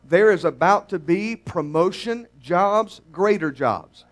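A man preaching a sermon at a church service. He talks in a folksy, teasing way to the congregation and swells to emphatic near-shouts on key phrases. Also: high voice, expressive, takes it slowly. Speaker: pastor.

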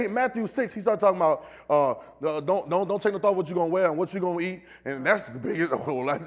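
Preaching in call-and-response fashion, an animated man talks a little fast, moving from low-voiced asides up to loud shouted calls.

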